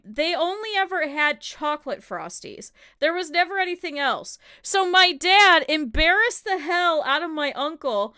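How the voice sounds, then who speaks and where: A woman's voice: high-pitched, sharp tone, dry recording, clean studio sound. A young adult woman streaming a casual reaction chat, rambling and often breaking into giggles. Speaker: VTuber streamer.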